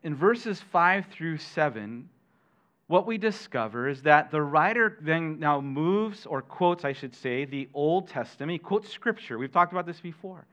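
A middle-aged man preaching a sermon as pastor, animated, questioning his listeners and adding jokey asides. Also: a little high, a little slow. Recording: dull lo-fi sermon recording.

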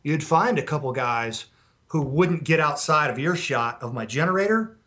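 A man's voice: fairly high pitch, normal speed. A middle-aged man and former Special Forces instructor, telling blunt, profane war stories on a podcast. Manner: blunt, profane, animated storyteller. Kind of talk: podcast storytelling.

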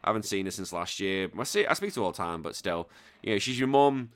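A middle-aged English man hosting a podcast, reading out listener messages in casual chat and bursting into loud sworn exclamations. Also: fairly low pitch, fast, smooth. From England. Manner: animated, swears freely, bursts into loud exclamations. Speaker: podcast host.

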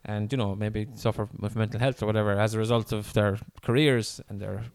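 A man, a guest on a casual comedy podcast, telling stories in an animated way and laughing often. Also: lowish voice, a little fast.

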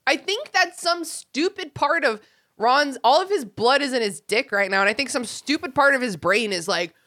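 A woman co-hosts a relaxed podcast conversation. Her voice is bright and forward. She is animated, laughs often, and slips into quick voices for the people she describes. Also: sits high, no echo, clean studio sound. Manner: animated, laughs often, acts out quoted characters. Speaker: podcast co-host. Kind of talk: casual chat.

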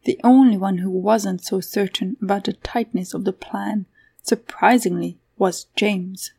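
A woman's voice: medium pitch, steady tone, unhurried, vocal fry, warm tone, husky. A woman narrating a fantasy story aloud, giving the characters voices of their own. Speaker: audiobook narrator.

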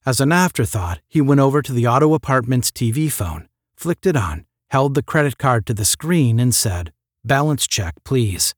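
A man reading a science fiction short story aloud in a measured, steady narrating voice. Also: mid-range voice, dry recording, studio quality. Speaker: audiobook narrator.

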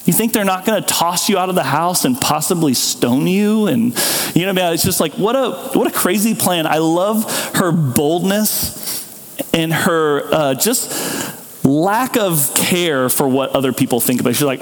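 A man preaching a sermon as pastor, telling the story with animated asides and acting out people's thoughts. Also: on the high side, unhurried. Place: church hall. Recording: reverberant church hall.

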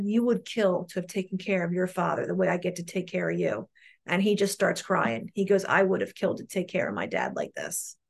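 A woman's voice: medium pitch, fairly bright tone. Middle-aged New Jersey woman sharing frankly. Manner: earnest, frank, repeats words as she goes. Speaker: meeting member sharing. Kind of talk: personal recovery share. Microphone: online meeting call.

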